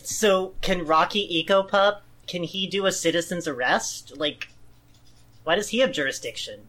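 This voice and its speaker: A woman's voice: fairly low pitch, moderate pace, fairly bright tone. A woman co-hosting a comedy podcast, teasing the others and moving the bits along. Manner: teasing, steers the segment. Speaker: podcast co-host.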